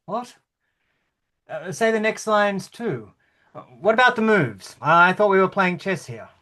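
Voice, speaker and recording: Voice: medium pitch, expressive, unhurried, pushed and bright. A performer playing a bewildered, pompous king. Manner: hesitant, indignant, stammering. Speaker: actor in rehearsal. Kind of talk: play rehearsal reading.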